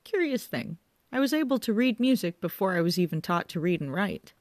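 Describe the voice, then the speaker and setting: A man's voice: high voice, very animated, brisk, dry recording, voice pushed up. A woman doing a bemused young guitarist. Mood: puzzled. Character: puzzled young male rock guitarist. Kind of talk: audiobook character voice.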